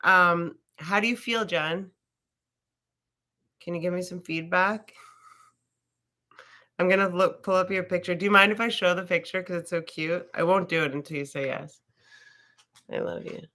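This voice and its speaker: Chatty, bright-voiced woman teaching yoga. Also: fairly low pitch, moderate pace, long pauses. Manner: chatty and rambling, swears freely. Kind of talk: casual live yoga class instruction.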